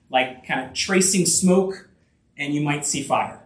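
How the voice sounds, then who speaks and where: A man's voice: a little high, measured pace, roomy sound, far from the mic. A man preaching a sermon as a pastor, emphatic and repetitive, with frequent fillers and restarts.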